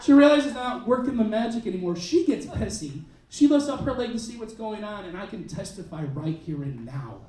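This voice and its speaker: A man doing a stand-up comedy set in a club, telling a crude story in an animated way and shouting his punchlines. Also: high voice, brisk, hardly any pauses. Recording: roomy club sound, mic heard from a distance, crowd laughing. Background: audience laughter.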